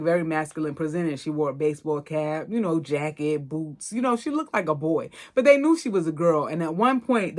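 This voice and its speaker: A woman hosting a podcast, recapping a film in a chatty, slangy, expressive way. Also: low voice. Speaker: podcast host. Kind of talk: casual movie recap.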